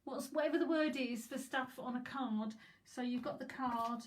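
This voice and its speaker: An English woman in her fifties, working as a psychic medium, chats and giggles through a live reading full of rambling asides. Her voice is high and her pace normal, in a rough recording with slight background noise.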